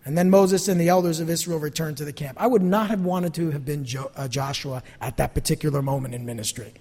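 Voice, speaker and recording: A man's voice: on the high side, fast, a little mellow, in a large hall. A pastor delivering a sermon in a church, talking animatedly and acting out the voices of people he quotes.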